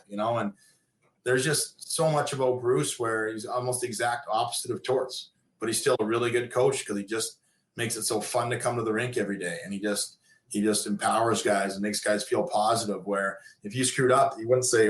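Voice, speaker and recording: Middle-aged male podcast guest; low-pitched, rambling casual stories, roomy echo. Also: steady tone, fairly quick. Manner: rambling, many fillers and restarts. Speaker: guest, former pro hockey player and coach. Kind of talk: casual storytelling in a podcast interview.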